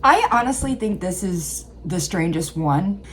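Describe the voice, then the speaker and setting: An American woman hosting a reaction video, talking casually and wandering through her thoughts with plenty of fillers. Her voice sits fairly low for a woman, and a faint hiss runs underneath. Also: lively intonation, a little slow, fairly bright tone. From Illinois, USA. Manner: rambling, full of fillers. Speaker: reaction channel host. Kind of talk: casual chat.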